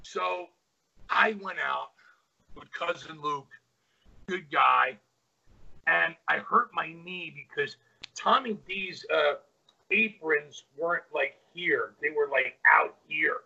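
A middle-aged man telling rough, animated wrestling stories in a casual, profane way. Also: on the high side, slow pace, pauses often, dull audio. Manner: animated, swears freely, acts out quotes. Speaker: wrestling guest. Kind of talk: casual storytelling.

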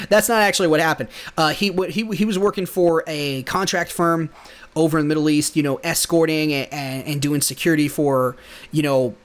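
Young man, podcast host, casual motivational talk, earnest and rambling, a touch high-pitched. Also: steady tone, fairly quick. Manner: earnest, rambling with many restarts.

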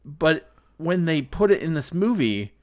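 A man's voice: a little high, very animated, a little slow. A man co-hosting a podcast, chatting casually about a movie in a meandering way, with lots of likes and ums. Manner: meandering, full of likes and ums, acts out quotes. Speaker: podcast co-host. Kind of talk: casual chat reviewing a movie.

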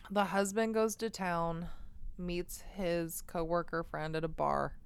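Lower-voiced woman telling a story animatedly. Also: slow, gravelly, clean tone. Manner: animated storyteller, swears freely, acts out quoted lines. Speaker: podcast co-host. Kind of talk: casual chat retelling a film plot.

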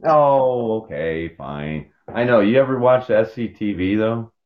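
Rambling jokey man, lively pitch. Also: unhurried. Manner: rambling, jokey, animated, meandering. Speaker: podcast co-host. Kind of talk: casual chat. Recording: dull lo-fi podcast audio.

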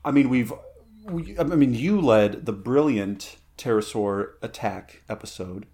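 A man co-hosts a podcast, chatting casually with a friend. His pitch moves around freely and he rambles, stacking fillers and restarting his sentences. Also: expressive, a little slow, mellow. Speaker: podcast co-host. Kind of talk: casual chat.

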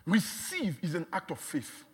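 A man preaching a sermon, emphatic and repetitive, dropping to a hush and then rising to shouts. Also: high voice, huge pitch swings, a little slow, slightly rough, big-room sound. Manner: emphatic, repeats words, swings from hushed to shouting.

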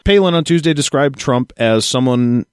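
A man's voice: mid-range voice, normal speed, smooth, dry recording, clean studio sound. A man co-hosting a podcast, reading news excerpts aloud and joking about them with a co-host, often laughing. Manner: reads news excerpts then jokes and laughs. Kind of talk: casual podcast chat reading articles aloud.

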